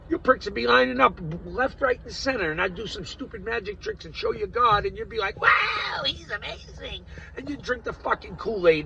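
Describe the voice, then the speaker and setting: A man in a rambling, profane monologue that veers from low mutters to loud outbursts, recorded dull and from a distance. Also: gravelly, slight background noise. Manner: coarse and profane. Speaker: vlogger.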